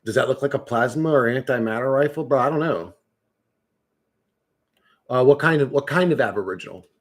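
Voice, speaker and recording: A man's voice: medium pitch, a little fast. A man chatting casually on a livestream, rambling and swearing, often restarting his words.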